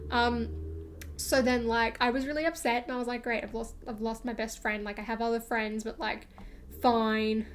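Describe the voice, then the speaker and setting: A woman's voice: on the high side, little pitch movement, moderate pace, a little hiss or hum. A young woman streamer rambling through a casual storytime chat, full of fillers and acted-out quotes of herself.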